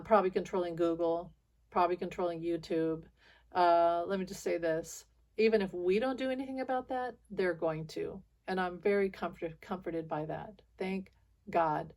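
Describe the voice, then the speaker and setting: A woman talks straight to her viewers in a loose monologue, circling back on herself with restarts and small laughs. She sounds frustrated, and her voice sits a little low for a woman. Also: darkish tone. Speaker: spiritual video channel host.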